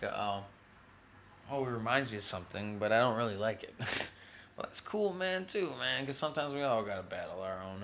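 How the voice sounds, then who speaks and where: Gravelly laid-back rambling man. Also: fairly low pitch, a bit bright, a little hiss or hum. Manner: laid-back, drawling, swears a lot, says "man" constantly. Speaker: podcast host. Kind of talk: rambling casual monologue.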